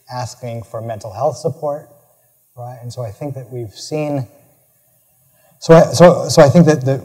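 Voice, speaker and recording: A man's voice: mid-range voice, mellow, breathy edge. A male professor answers audience questions at a lecture. He speaks earnestly, repeating words and adding lots of "right?" tags. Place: large lecture hall. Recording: reverberant lecture hall.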